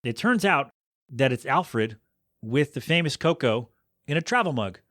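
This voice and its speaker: A man hosting a podcast, chatty and animated, recapping a movie and acting out the characters' quotes. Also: mid-range voice, unhurried, no echo, clean studio sound. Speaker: podcast host. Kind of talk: casual movie review recap.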